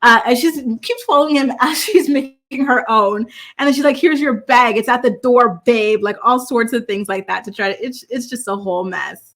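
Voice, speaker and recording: A woman's voice: on the high side, a little fast, a bit bright. A woman hosting a reality TV gossip commentary, chatty and opinionated, with lots of fillers and restarts. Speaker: host.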